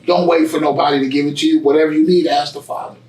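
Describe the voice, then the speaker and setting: A man telling his story in a casual interview, with preachy, animated storytelling and street slang. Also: on the high side, quick pace, echoey room, far from the mic, soft background music, poor audio. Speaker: guest, barbershop owner. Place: barbershop.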